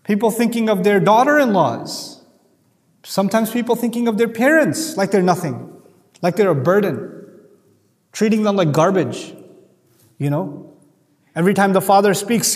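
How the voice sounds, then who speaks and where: A man's voice: sits high, lively intonation, moderate pace, long pauses, in a large hall. A man giving a Quran commentary lecture, earnest and emphatic, often repeating key phrases. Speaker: Quran teacher.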